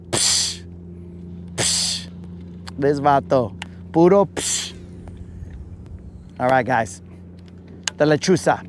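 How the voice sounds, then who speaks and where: A man hosts a live fishing stream, chatting casually with his viewers. His voice sits a bit high for a man and he talks at an unhurried, drawn-out pace, teasing and joking as he goes. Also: slight background noise. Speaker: fishing livestream host.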